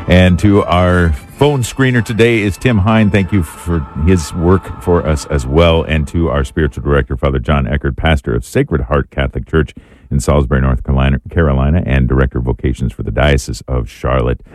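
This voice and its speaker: A man with an extremely deep voice hosts a radio call-in show. He introduces his guests and callers in a genial, unhurried way. Soft music plays faintly behind him. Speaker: radio host.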